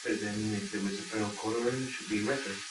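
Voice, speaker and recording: A man in the audience puts a quick, skeptical question in a low voice. He is far from the mic, in an echoey room with loud noise behind him. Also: fairly even intonation. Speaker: audience member asking a question.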